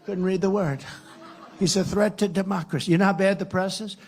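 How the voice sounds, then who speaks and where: A man's voice: sits high, fairly even intonation, fairly quick, a faint crowd, a little hiss or hum. A man from the United States, a political candidate, giving a rambling, sarcastic campaign rally speech full of repetition. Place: live rally.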